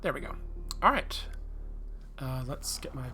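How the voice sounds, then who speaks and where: A tired man streaming a game, thinking aloud in a relaxed, self-deprecating way. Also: medium pitch, unhurried, a little hiss or hum. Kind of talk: casual live-stream commentary.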